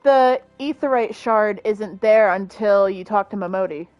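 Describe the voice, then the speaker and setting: A woman's voice: mid-range voice, a little slow, no echo, muffled recording, faint music behind. A young woman streaming a game, chatting casually, joking and swearing freely. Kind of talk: casual gameplay chat.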